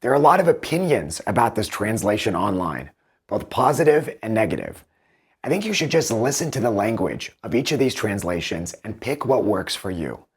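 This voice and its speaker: Lively husky-voiced man explaining. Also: on the low side, moderate pace. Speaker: book reviewer. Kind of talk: explanatory commentary comparing translations.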